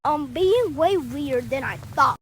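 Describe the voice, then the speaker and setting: A woman rambling in a jokey, excitable vlog, filmed on a handheld phone at an outdoor park. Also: sits high, takes it slowly, slight background noise. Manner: jokey, excitable, blurts out squeals and exclamations. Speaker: vlogger. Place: outdoor park on a sunny day.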